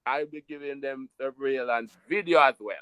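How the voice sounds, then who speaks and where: A man from Jamaica with a Jamaican accent, telling a story in an animated, emphatic patois style during a casual chat. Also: mid-range voice, normal speed, clean tone, no echo.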